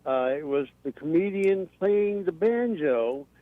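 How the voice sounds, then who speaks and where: A man's voice: a little high, animated, a little slow, no echo. A man calling a radio show with a request, polite and a little rambling. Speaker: caller. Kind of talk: phone-in request. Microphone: phone. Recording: dry, dull phone line.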